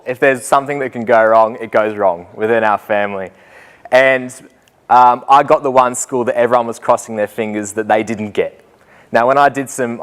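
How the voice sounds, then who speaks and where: A young Australian man, a student teacher, tells stories to a group in a chatty, self-mocking way and laughs often as he talks. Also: mid-range voice. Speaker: student teacher giving a talk. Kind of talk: storytelling talk to a live group.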